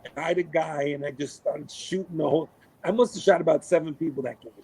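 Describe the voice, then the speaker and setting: Man, middle-aged, podcast guest, casual storytelling, lively, profane, slightly higher voice. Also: fast, husky, low-quality recording. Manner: animated, swears a lot, acts out quotes.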